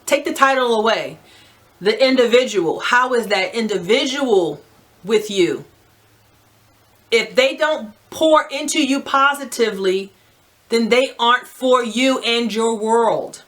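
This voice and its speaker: A woman's voice: fairly high pitch, measured pace. A woman from New Jersey with a New Jersey accent, giving emphatic, direct life advice to camera and often checking in with "right?". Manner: naturally loud. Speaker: advice vlogger.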